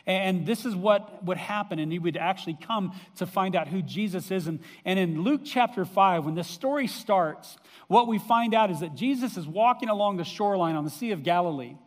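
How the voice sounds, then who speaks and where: A man's voice: sits high, moderate pace. A man preaching a sermon in a conversational storytelling way, with fillers. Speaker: pastor. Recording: long reverb of a hall.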